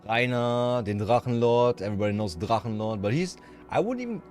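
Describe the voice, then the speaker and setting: A man's voice: medium pitch, expressive, brisk, a little mellow, faint music behind. A man from Germany with a German accent, chatting casually with viewers on a livestream in a rambling, frank and profane way.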